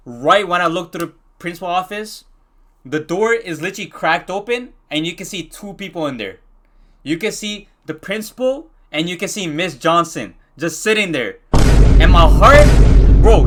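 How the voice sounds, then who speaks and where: A young man from Pakistan telling a story from his school days in a casual storytime, slangy and excitable, full of restarts. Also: on the high side, normal speed.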